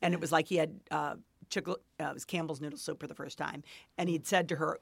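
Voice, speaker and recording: A woman's voice: deep voice, fairly even intonation, brisk, gravelly, no echo. A middle-aged woman hosting a podcast, chatting casually, asking questions and drifting into stories. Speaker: podcast host. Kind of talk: casual chat.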